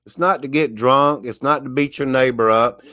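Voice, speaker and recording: A man's voice: medium pitch, fairly even intonation, moderate pace, bright, forceful tone. Emphatic, preachy man ranting. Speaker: vlogger. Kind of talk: casual monologue rant.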